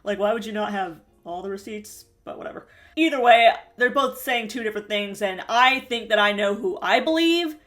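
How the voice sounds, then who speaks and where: A woman's voice: medium pitch, expressive, normal speed, a bit bright, soft background music. A woman hosting a reality TV recap, talking bluntly and sarcastically in casual commentary.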